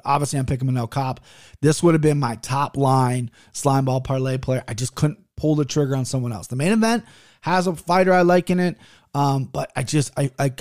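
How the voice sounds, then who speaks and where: A man talking through his fight-betting picks in a loose, profane monologue. He trips over his own sentences and wanders off topic. He speaks at an ordinary mid-range pitch, and the recording is close and dry, with no room sound. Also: a little mellow, dry recording. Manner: profane and rambling; restless, self-interrupting.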